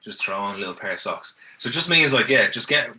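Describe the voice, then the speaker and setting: A man's voice: mid-range voice, lively intonation, fast talker, bright, forceful tone. An Irish man on a podcast as a guest, telling stories in an easygoing, rambling way and often restarting. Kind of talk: casual chat, telling stories. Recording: mic at a distance.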